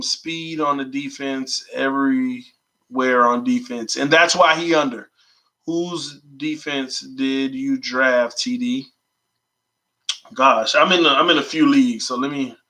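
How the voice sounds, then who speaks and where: A man hosting a sports fan channel, chatting casually and excitedly with his viewers and reading their comments aloud. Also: medium pitch, rough recording. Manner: excited, informal, talks to viewers as y'all. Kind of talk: casual vlog chat reading live comments.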